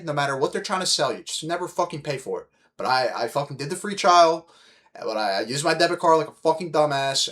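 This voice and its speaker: A young man hosting a podcast, telling stories in a casual, animated, heavily profane way and calling his listeners dude. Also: medium pitch. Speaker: podcast host. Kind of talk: casual storytelling chat.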